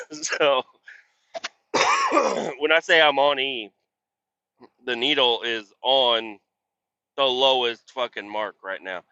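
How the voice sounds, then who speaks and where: A man talking while driving his truck, cursing and ranting at other drivers on the highway. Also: huge pitch swings, takes it slowly, long pauses, sharp tone, no echo, muffled recording. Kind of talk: casual driving vlog. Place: inside a truck cab on the highway.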